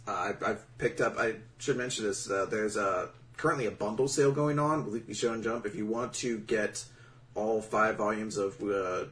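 A man's voice: on the low side, a bit bright. A man co-hosting a casual podcast, rambling with many fillers and restarts. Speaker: podcast co-host. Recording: voice a bit far from the mic.

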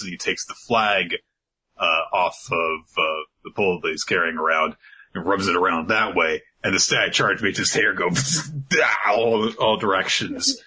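A man casually recapping an anime episode on a podcast, animated and laughing as he goes. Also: sits low, a little slow, husky. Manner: animated, laughing, slips into character voices. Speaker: podcast co-host.

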